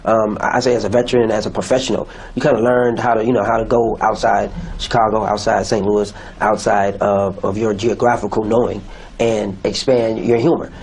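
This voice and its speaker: A veteran male comedian in a documentary interview, speaking haltingly with many fillers. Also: on the low side, level tone, a little mellow, breathy edge.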